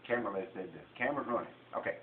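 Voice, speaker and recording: A man's voice: lowish voice, lively intonation, very fast. Man, Southern US accent, folksy and rambling, home cooking vlog, faint background hiss. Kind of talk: casual kitchen demonstration. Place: home kitchen. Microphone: camera mic. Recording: tinny, echoey kitchen, faint noise.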